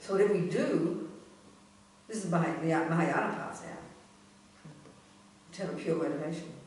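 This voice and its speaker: A woman's voice: deep voice, moderate pace, darkish tone. A woman, a Buddhist nun, giving a blunt, emphatic and earthy teaching talk in a centre's hall. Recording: echoey room, voice from a distance.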